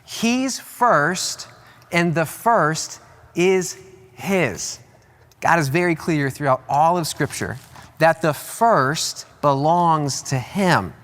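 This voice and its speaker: A man preaching a sermon as pastor, emphatic and animated, repeating key words and jumping up in pitch to stress them. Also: slow pace. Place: large church auditorium. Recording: long hall reverb with faint music.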